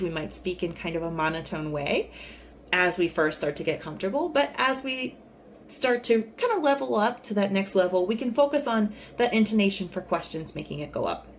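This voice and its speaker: A woman's voice: lowish voice, a little fast, a little hiss or hum. A woman giving a casual video lesson, explaining step by step with examples in a friendly way. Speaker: Spanish teacher. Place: recording in a city in Central America.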